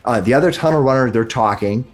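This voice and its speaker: A man's voice: mid-range voice, quick pace. A man running a tabletop game as game master, narrating in a rambling way and often correcting himself.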